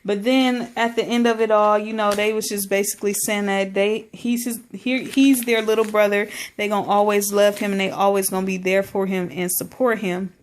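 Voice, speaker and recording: A woman's voice: mid-range voice, little pitch movement, moderate pace, hardly any pauses, slight background noise. A woman recapping a reality show in a casual, slangy vlog, with many fillers. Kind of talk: casual chat.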